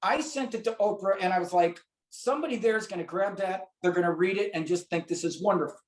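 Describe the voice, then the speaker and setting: A man's voice: high-pitched, fast talker. Guy from st louis telling a long story on a podcast, acts out the quotes, bit of room echo. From St. Louis, USA. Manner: animated storyteller acting out quotes. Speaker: guest. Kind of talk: storytelling in an interview. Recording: roomy echo.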